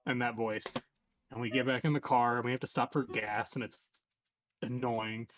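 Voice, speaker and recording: A man streaming live, telling a long rambling comic story in a meandering deadpan way, trailing off and restarting. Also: medium pitch, normal speed, slight background noise.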